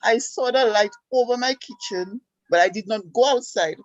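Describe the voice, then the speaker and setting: A woman with a Saint Lucian accent, excited and chatty, telling her story as a caller. Her voice sits a little high, and it comes through a dry, dull, lo-fi video call line. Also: moderate pace, no room sound. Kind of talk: casual call-in chat.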